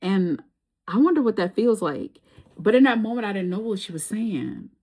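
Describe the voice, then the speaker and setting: Slangy, animated woman storyteller. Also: mid-range voice, normal speed, husky. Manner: slangy, animated, laughs often. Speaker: tarot reader. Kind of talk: casual storytelling tarot reading.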